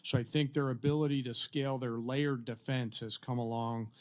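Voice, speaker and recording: A man's voice: mid-range voice, fairly even intonation, moderate pace. Hesitant deferential man testifying. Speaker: official testifying at a hearing. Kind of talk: formal testimony.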